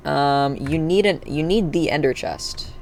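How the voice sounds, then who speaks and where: A live streamer chatting casually while playing, thinking aloud and breaking into excited cheers. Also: mid-range voice, unhurried, gravelly, slight background noise. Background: faint background music and keyboard typing.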